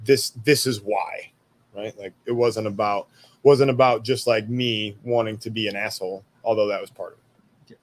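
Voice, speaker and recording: A man's voice: on the low side, steady tone, moderate pace, darkish tone. A man in his thirties, an army veteran guest, telling stories in a laid-back way, swearing freely and laughing at his own jokes. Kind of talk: casual storytelling interview.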